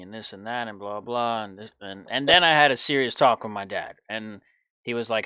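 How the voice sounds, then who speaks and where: A man's voice: fairly low pitch, moderate pace, bright, forceful tone, clear, resonant tone, dry recording. A young man in his twenties telling a personal story in a casual, blunt, profane way. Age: 20s. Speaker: podcast host.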